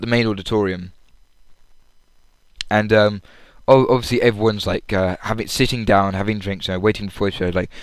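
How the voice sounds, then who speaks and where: Young guy, low-pitched and crisp, chatty vlog ramble with many restarts. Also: no echo. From England. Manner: chatty, lots of fillers and restarts. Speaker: vlogger. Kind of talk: rambling audio log.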